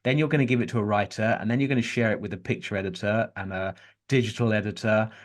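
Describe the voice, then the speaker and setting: A middle-aged man, a journalist guest on a podcast who tells animated stories and restarts his sentences often. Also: lowish voice, quick pace. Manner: animated storyteller, frequent restarts. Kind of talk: conversational interview.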